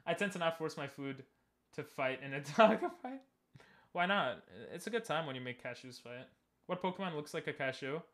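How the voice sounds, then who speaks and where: A man's voice: on the high side, animated, normal speed, fairly bright tone. A young man giving casual, joking commentary while streaming a game and talking with chat. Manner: chatty, joking, talks to chat.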